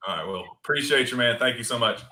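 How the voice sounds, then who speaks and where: A man's voice: mid-range voice, lively intonation, fast talker, sharp tone. A man co-hosting a sports podcast, chatting casually and reflectively, often trailing off. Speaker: podcast co-host.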